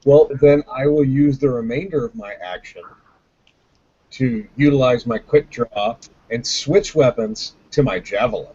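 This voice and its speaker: A man's voice: mid-range voice, measured pace, warm tone, husky. Jokey man playing a tabletop game. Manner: playful, jokey, asks rules questions. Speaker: player. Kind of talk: casual tabletop play. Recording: dull lo-fi recording.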